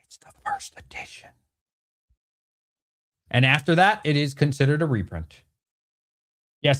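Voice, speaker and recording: A man with an animated, bantering manner, hosting a casual livestream Q&A from home and answering chat comments. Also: a little high. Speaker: host.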